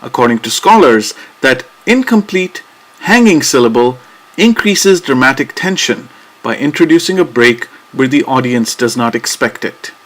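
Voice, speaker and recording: A man giving scripted educational narration, reading in a measured, deliberate way and tapping out rhythms with clear emphasis. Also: mid-range voice, animated, a bit bright.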